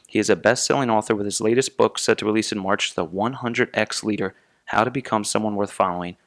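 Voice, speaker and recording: A man's voice: lowish voice, fast. Easygoing male podcast host. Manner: easygoing, friendly banter, reads ad copy. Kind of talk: casual podcast hosting.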